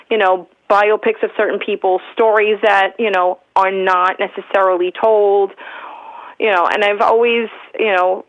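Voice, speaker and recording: A woman's voice: mid-range voice, muffled recording. Chatty, rambling woman in her fifties. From Long Island, New York. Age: 50s. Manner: rambling, full of restarts and "like", animated when moved. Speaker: guest, film producer. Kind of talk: casual conversation.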